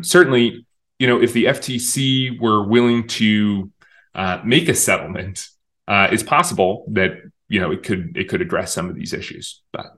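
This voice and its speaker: Speaking in a low-pitched, fairly bright voice, a man serving as a communications director is a guest in a conversational interview. He explains his views talkatively and emphatically, frequently restarting his sentences.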